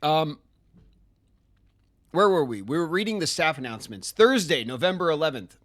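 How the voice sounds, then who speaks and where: A man's voice: fairly high pitch, sing-song, moderate pace, fairly bright tone. An American man chatting casually on a live game stream, rambling with plenty of filler words. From United States. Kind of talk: casual live-stream chat while gaming.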